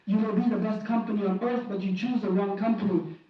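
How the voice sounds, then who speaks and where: A man's voice: high-pitched, fairly even intonation, fast. A man giving an impassioned Friday sermon in a mosque, pleading and fervent, often restarting and repeating phrases. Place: mosque prayer hall. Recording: very echoey hall, distant and dull.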